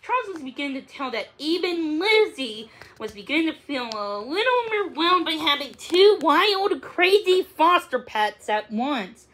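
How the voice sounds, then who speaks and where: A woman reading a children's book aloud, unhurried, with small slips and restarts. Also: high voice, very animated, a bit bright. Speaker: story reader.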